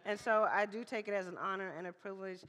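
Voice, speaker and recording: Woman preacher from Mississippi, bright voice, slightly hoarse, chatty sermon, long hall reverb. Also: mid-range voice, quick pace. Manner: lively, chatty, calls for amens. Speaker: guest preacher. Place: church hall.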